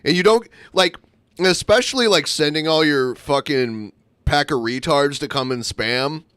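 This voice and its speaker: A man with a fairly high voice co-hosting a casual podcast, heard dry and close. He speaks bluntly and swears a lot. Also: measured pace, a bit bright, clean tone, no room sound. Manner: blunt, profane, fired-up. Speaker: podcast co-host.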